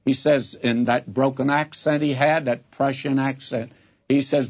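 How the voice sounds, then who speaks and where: Older male pastor, husky mid-range voice, folksy preacher on a muffled vintage radio broadcast. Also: medium pitch, fairly even intonation, measured pace. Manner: folksy, direct address to listeners. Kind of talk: radio Bible teaching sermon. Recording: dull lo-fi old radio recording.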